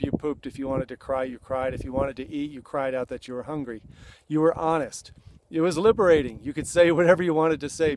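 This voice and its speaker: A man's voice: medium pitch, noisy background. A middle-aged man coaching other men in a direct-to-camera talk, earnest and plain-spoken, acting out blunt confessions. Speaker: men's coach.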